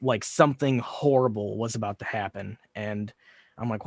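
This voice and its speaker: A man on a round-table livestream tells a personal story with animated, dramatic emphasis. His mid-range voice is recorded close and dry. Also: medium pitch, brisk, dry recording.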